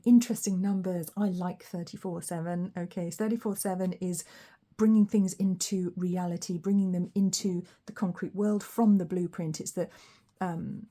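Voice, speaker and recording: A woman's voice: medium pitch, dark tone. A woman giving a tarot and numerology reading, chatty and rambling, musing aloud as she goes. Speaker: tarot reader.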